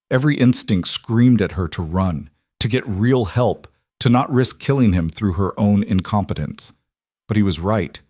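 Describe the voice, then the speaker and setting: A man giving scripted storybook narration of a western tale, dramatic and measured, in a dry, close recording. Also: lowish voice, a little mellow, dry recording.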